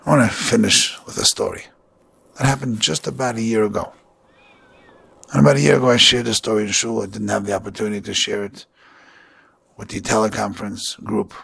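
Male rabbi, husky and gravelly, earnest sermon storytelling. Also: on the low side, fairly even intonation, brisk, long pauses, fairly bright tone. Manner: earnest storytelling with Yiddish and Hebrew terms.

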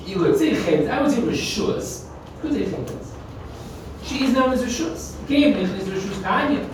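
A man's voice: extremely high pitch, expressive, normal speed, background noise. A man teaching a Talmud class, asking his students questions and stressing key terms. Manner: questioning, emphatic, mixes Hebrew terms. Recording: echoey room from far off.

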